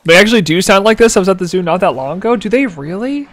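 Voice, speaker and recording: A man in his twenties streams a game live, chatting casually, giggling and answering chat aloud as he comments on his gameplay. His voice is high and a bit bright, with lively intonation and a quick pace.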